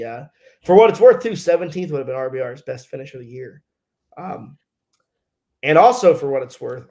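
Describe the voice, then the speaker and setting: A man's voice: mid-range voice, darkish tone. A man, a race car driver, telling a story in a casual interview, acting out radio exchanges and swearing freely.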